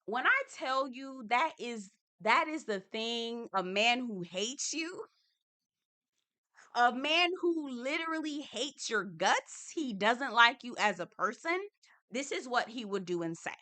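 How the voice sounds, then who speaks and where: A young woman chats through a reality TV recap. Her voice sits a bit high and sounds bright. She is animated and expressive, acting out quotes with lots of laughter. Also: takes it slowly. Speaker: TV recap host.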